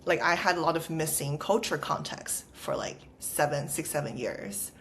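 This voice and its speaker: Her voice sits low and sounds gravelly, holding a steady tone at normal speed, with a little hiss or hum in the audio. She's a startup founder in her thirties, from China, with a Los Angeles Valley girl accent, chatting on a podcast interview and peppering her talk with "like."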